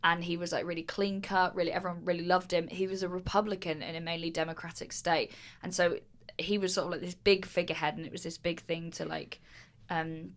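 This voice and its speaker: A woman's voice: on the low side, little pitch movement, fairly quick, few pauses. A comedian woman co-hosting a podcast, talking in a chatty, sweary way with lots of "like". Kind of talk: casual chat.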